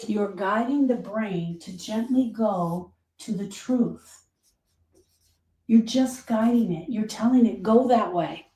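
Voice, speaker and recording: Her pitch is medium and her tone dark as she speaks slowly through a low-quality recording. As a grief coach and podcast host addressing the camera, she guides listeners through coping tools, repeating key phrases to drive them home.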